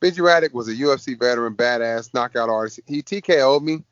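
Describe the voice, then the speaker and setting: A man, a fighter being interviewed, telling stories in a casual, lively way. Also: mid-range voice, fast talker, clear, resonant tone, no room sound. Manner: lively storyteller, acts out quoted voices. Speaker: MMA fighter guest. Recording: dull dry podcast audio.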